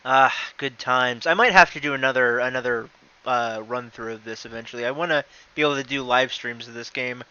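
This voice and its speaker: A man chatting casually on a gaming live stream, excitable and prone to loud exclamations. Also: mid-range voice, fairly quick, clear, resonant tone, dull audio.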